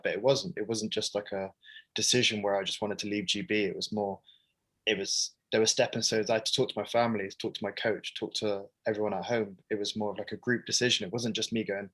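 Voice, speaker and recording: A man's voice: on the low side, little pitch movement, fast, fairly bright tone, low-quality recording. A young man from Great Britain, a sprinter talking frankly and casually as an interview guest, with lots of "like" fillers.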